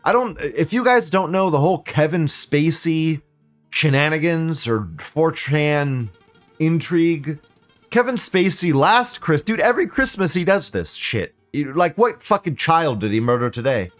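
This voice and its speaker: Male host, profane, rambling, lively pitch, slightly high voice. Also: measured pace, faint music behind. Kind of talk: casual live commentary.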